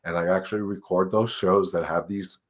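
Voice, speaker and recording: A man's voice: sits low, fairly even intonation, a little fast. A man, a dog trainer hosting a casual live Q&A, talking in a rambling way with fillers and restarts. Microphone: live stream microphone.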